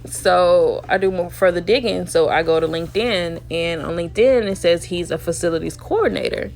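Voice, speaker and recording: Gravelly-voiced young woman telling a story. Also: mid-range voice, fairly quick, faint music behind. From Alabama. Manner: chatty, leans on "you know", laughs often. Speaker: dating story vlogger. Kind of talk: casual storytelling.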